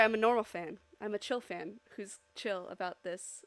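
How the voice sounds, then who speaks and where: A woman streaming live while she draws, chatting casually with her audience, giggling often and bursting into loud, excited squeals. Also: fairly high pitch, moderate pace, few pauses, clear, resonant tone, no room sound.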